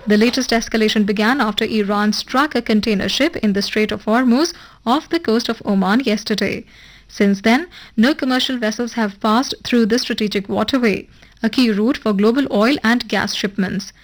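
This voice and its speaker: A woman's voice: fairly high pitch, rough recording. Woman reading radio news. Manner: measured, even broadcast delivery. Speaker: newsreader. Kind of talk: formal scripted news reading. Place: radio studio.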